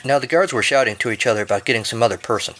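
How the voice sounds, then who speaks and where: A man's voice: mid-range voice, very fast, fairly bright tone. A man hosting a podcast, narrating a comic story and reading the outro with dry, jokey asides. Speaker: podcast host.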